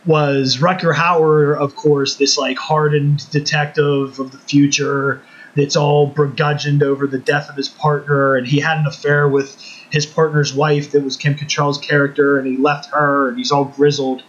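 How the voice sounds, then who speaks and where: A man's voice: a little high, level tone, moderate pace. A man co-hosting a podcast, chatting casually in a rambling, laid-back way with lots of fillers. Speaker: podcast co-host. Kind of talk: casual chat. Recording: muffled lo-fi recording.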